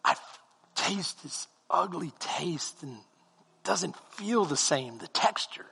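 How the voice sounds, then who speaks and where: A man preaching a sermon as comic storytelling, animated and now and then breaking into shouts. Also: a little high, slow, creaky, husky, long reverb tail. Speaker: pastor.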